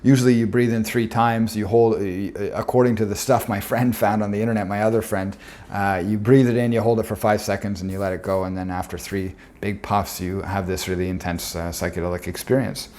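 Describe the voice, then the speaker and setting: Man, deeper than most, earnest reflective storyteller presenting a talk, pauses on fillers. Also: steady tone, a little mellow.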